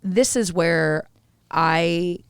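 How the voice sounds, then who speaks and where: A woman chats on a casual review podcast, her voice sitting lower than most women's. She gushes and jumps around with playful swearing. The sound is close and dry, with no room around it. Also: very slow, smooth, dry recording. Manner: animated, gushing, swears playfully. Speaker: co-host.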